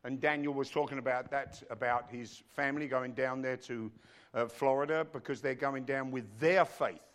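Male pastor giving a sermon in church, middle-pitched voice, goes quiet then loud, talks right at the people. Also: steady tone, normal speed. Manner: emphatic, swinging between hushed and loud; addresses the congregation directly.

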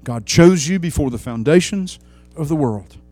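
A high-voiced man preaching with fiery passion. He swings from near-shouted praise down to low, hushed asides. Faint music plays softly beneath his voice. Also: lively intonation, normal speed, no room sound. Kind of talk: sermon.

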